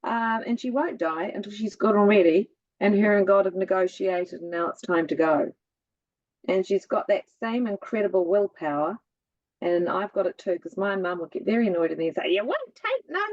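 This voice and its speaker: A woman's voice: mid-range voice, normal speed, no room sound, muffled recording. Musical-voiced woman telling stories. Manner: lively storyteller with a musical cadence. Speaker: guest. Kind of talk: casual chat.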